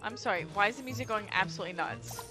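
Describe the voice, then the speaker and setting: A woman's voice: medium pitch, very fast, over loud music. A young woman giggling and gasping through casual let's play commentary, chatty and full of "like". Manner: giggly and excitable, gasps and squeals often; chatty, heavy use of "like". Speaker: gaming channel host.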